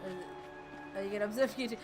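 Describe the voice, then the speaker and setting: A woman's voice: mid-range voice, steady tone, rapid-fire, darkish tone. A woman VTuber chatting casually and rambling while she plays a game on a fundraiser stream, laughing often and swearing now and then. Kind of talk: casual live-stream chat while gaming. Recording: game music playing clearly behind.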